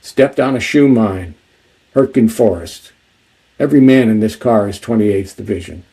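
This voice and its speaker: Tired wounded young GI, slow, flat, dark gravelly tone, voiced by a man. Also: on the low side, lightly acted. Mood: weary. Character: wounded young male infantry soldier, weary and wry.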